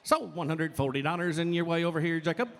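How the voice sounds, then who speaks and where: Man, auctioneer, highish voice, repeating bid chant. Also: quick pace, long reverb tail. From Oklahoma, USA. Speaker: auctioneer contestant.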